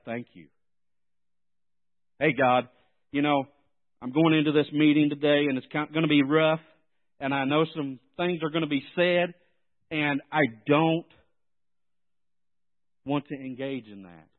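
Guy preaching, gets worked up then drops quiet, sounds like its over a phone line. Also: a little high. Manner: animated, swings between soft and loud. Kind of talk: sermon.

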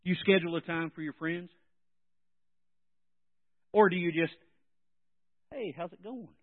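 A man preaching a sermon in an animated way, swinging between soft and loud. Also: high-pitched, a little slow. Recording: tinny phone-like sound.

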